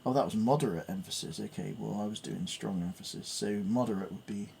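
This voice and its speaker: A man's voice: lowish voice, a little fast, gravelly. A man thinking aloud as he works through piano theory, reading notes and musing hesitantly with fillers. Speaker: piano learner. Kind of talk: thinking aloud while studying music theory.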